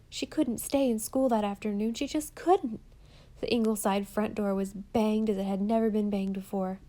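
Audiobook narrator: woman, middle pitch, expressive and measured. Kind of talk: scripted storybook narration.

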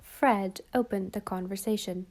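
A woman narrating a storybook in a calm, even way. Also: medium pitch, unhurried. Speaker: audiobook narrator.

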